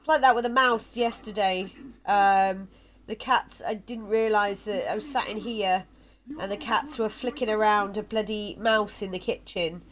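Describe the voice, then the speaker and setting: A woman's voice: medium pitch, fairly even intonation, normal speed, a bit bright. A tired woman streaming a game live, chatting in a rambling way with fillers and laughs. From South West England. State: yawning, tired. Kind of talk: casual live gameplay chat.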